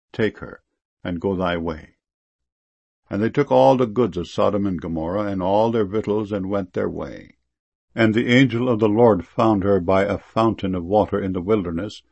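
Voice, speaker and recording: A man reading scripture aloud in a slow, measured, reverent way. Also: on the low side, creaky, a little mellow, slightly rough, no echo. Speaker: scripture reader. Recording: dull, lo-fi sound.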